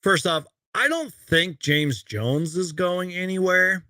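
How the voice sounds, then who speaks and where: Bright-voiced chatty young man hosting a stream. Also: sits high, slow pace, no echo. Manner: chatty, reads viewer questions, rambling asides. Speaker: live stream host. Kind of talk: casual live Q&A stream. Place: home room with shelves of collectibles.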